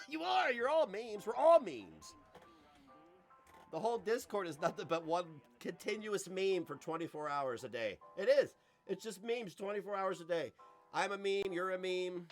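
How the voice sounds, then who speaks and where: A male streamer talks casually to his viewers, cracking jokes and laughing as he reads their messages. His voice sits a bit high and jumps around a lot, with faint music underneath. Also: wildly swooping pitch, measured pace. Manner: loose, joking, laughing often, reading chat aloud. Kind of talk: casual live-stream chat.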